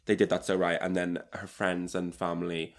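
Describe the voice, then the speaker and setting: A man's voice: low voice, monotone, normal speed. A man co-hosting a podcast, recapping an event in a gushing, rambling casual chat. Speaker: podcast co-host.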